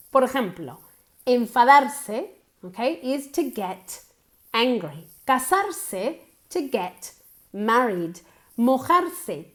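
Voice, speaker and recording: Bilingual woman teacher drilling phrases. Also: on the high side. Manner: repeats phrases slowly for practice, chatty asides. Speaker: English teacher. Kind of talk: bilingual language lesson.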